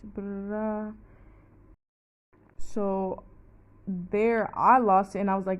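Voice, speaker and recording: A woman's voice: mid-range voice, animated, slow, gravelly, long pauses, poor audio. A young woman telling a personal story casually, rambling, with many "like"s and plenty of swearing. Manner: rambling, fillers of "like", heavy swearing.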